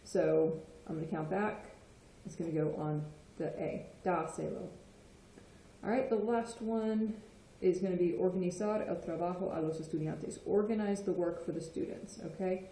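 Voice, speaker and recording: A woman's voice: lowish voice, moderate pace, mellow. A woman explaining Spanish grammar in a patient lesson, often checking in with "okay?". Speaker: Spanish teacher. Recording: echoey room.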